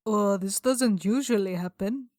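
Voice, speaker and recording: A woman's voice: medium pitch, measured pace, darkish tone. Woman, tabletop player, playful, joking, laughs easily, mid voice. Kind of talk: casual tabletop play.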